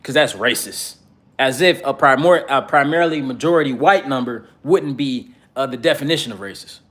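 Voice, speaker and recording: A man's voice: mid-range voice, normal speed, a bit bright. A man giving a casual commentary monologue, rambling with many fillers and speaking bluntly and profanely. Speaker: political commentator.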